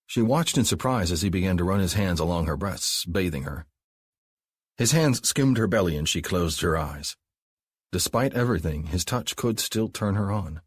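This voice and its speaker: A man narrating an audiobook in a calm, even storytelling manner. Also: low voice, slightly rough, dry recording, clean studio sound. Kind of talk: scripted narration.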